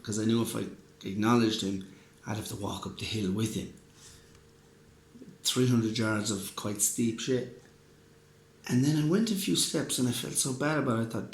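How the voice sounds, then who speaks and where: A podcast host from Ireland, a bit drunk, rambles through an earnest, profane casual monologue full of restarts and laughter. His voice is medium-pitched and creaky, in a roomy, echoing recording with faint background noise.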